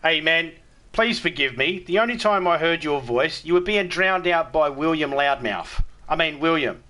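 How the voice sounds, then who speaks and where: An Australian man hosts a live gaming stream, reading chat and giving his opinions bluntly. He swears freely and laughs at his own jokes. His voice is bright and forceful and sits a little above the usual male pitch. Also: animated, normal speed.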